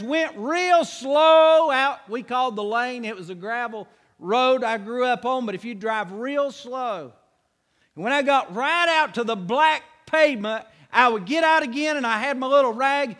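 Man, pastor, very high voice, folksy sermon, echoing church hall. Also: lively intonation, normal speed, a bit bright. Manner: folksy storytelling, rising to fervent preaching.

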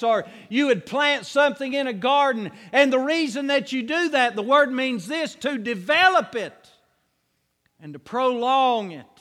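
A man's voice: very high-pitched, a bit bright, long reverb tail. A man preaching a sermon, telling folksy stories and then building to fervent preaching. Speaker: pastor.

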